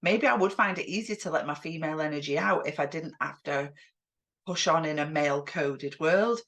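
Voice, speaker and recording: A woman's voice: deep voice, normal speed, fairly bright tone. A woman in her forties co-hosting a podcast, candid and self-deprecating, sounding tired. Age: 40s. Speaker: podcast co-host. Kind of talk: conversational discussion.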